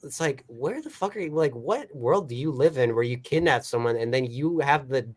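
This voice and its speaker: A man co-hosting a casual film podcast in a mid-range voice. He talks excitably and swears freely, plainly amused by what he retells. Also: mid-range voice, moderate pace. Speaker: podcast co-host.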